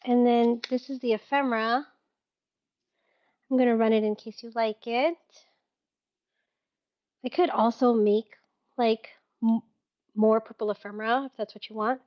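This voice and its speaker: A woman with a high, bright-pitched voice chats through a live-stream sale, giggling and laughing at her own mix-ups. The sound is a little dull and lo-fi. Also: fairly even intonation, unhurried, long pauses. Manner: giggly, chatty, laughs at herself. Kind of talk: casual live-stream selling chat.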